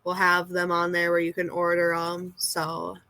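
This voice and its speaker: A woman's voice: on the low side, completely flat delivery, a little slow, pushed and bright, no echo. A young woman with a Minnesota accent, a race car driver giving brief, easygoing answers in an interview.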